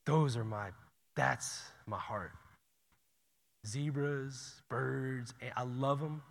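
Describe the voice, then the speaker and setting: A man preaching a sermon in a casual, conversational way, swinging from loud urgent bursts to hushed near-whispers. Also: mid-range voice, steady tone, drawn-out words, creaky, long reverb tail. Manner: casual and conversational, says "y'all" and "dude".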